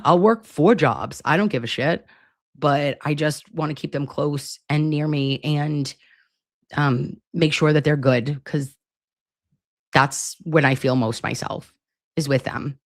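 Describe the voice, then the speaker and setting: Low-voiced, chatty woman in her forties. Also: dry recording, studio quality. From Massachusetts. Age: 40s. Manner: chatty, profane, many "like" fillers. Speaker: livestream host. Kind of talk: casual livestream chat.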